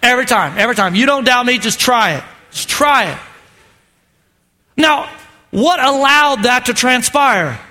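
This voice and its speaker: Male pastor, high bright tone, lively joking sermon delivery. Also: slow pace, long pauses. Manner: animated, joking, calls for amens. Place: church auditorium with congregation.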